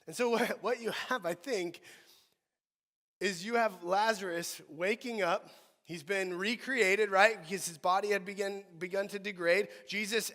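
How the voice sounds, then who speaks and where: A man preaching a sermon as pastor, animated, swinging between quiet stretches and loud outcries. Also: high-pitched, in a large hall. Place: church sanctuary.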